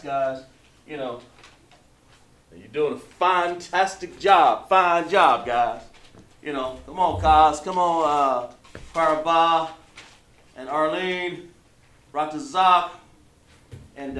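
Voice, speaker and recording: A man teaching an online language class, patient and repetitive, drawing out words slowly to model pronunciation. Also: on the high side, fairly bright tone, recorded from a distance. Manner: patient, repeats points, drawn-out slow pronunciations. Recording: echoey room, voice away from mic.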